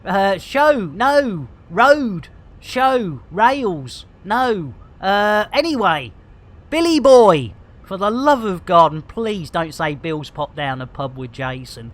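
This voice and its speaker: Lively, rambling woman streamer. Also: medium pitch, takes it slowly. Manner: rambling, jokey, self-mocking, theatrical. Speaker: game streamer host. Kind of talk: live game stream chat.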